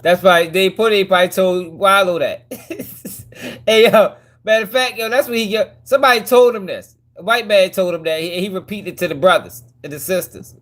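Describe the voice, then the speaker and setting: A man's voice: sits high, moderate pace, fairly bright tone. A man hosting a commentary channel, reacting to clips in a mocking, profane way with frequent laughs.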